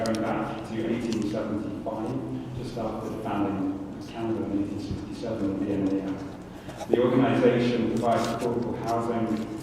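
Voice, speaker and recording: A man moderating a debate, explaining the rules in a procedural way with frequent ums. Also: on the low side. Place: synagogue hall with audience. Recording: echoey hall, distant mic, noise.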